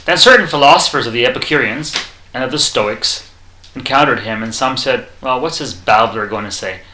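A man preaching a sermon, reading scripture aloud and acting out the quoted lines in a lively way. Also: fairly quick, echoey room, slight background noise, low-quality recording. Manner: animated, acts out quoted lines with rising pitch; reads scripture aloud in King James wording.

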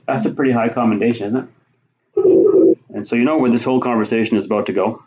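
A man preaching a sermon, teaching conversationally through scripture and rising to forceful emphasis on key points. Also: medium pitch, fast talker. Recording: roomy, dull lo-fi sound.

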